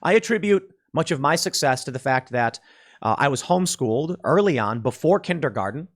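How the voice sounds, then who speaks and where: A man's voice: fairly high pitch, lively intonation, a little fast. A man from Chicago hosting a solo commentary show, talking in a loose conversational way with frequent restarts.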